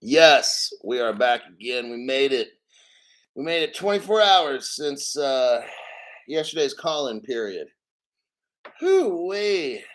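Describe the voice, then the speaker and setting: A man's voice: medium pitch, animated, a little slow, fairly bright tone. A man hosting a casual crypto livestream, rambling and swearing as he reads out viewer names and chat.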